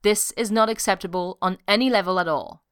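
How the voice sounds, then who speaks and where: A woman's voice: mid-range voice, a little fast, a bit bright, clear, resonant tone, no echo, clean studio sound, close to an everyday voice. A woman voicing a brash, sarcastic man in armor, in an audiobook reading. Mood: indignant.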